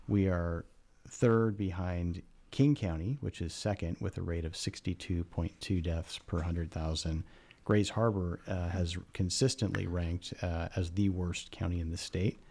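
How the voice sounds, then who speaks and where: A man giving a measured, earnest radio interview as a county coroner, pausing often with "uh". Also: sits low, dark tone. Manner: measured and earnest, with frequent "uh" pauses. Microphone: studio microphone.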